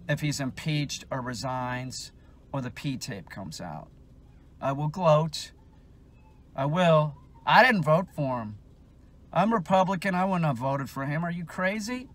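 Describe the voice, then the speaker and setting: A man's voice: fairly high pitch, lively intonation, a little slow. A man giving an unscripted, heated rant, rambling and swearing, with many restarts. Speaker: dog trainer ranting on his channel.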